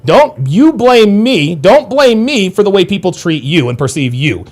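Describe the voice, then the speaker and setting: A man's voice: high-pitched, big pitch swings, unhurried. A man hosting a live stream, reading out viewer comments and swearing freely as he answers them. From United States. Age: adult. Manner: profane, combative when angered.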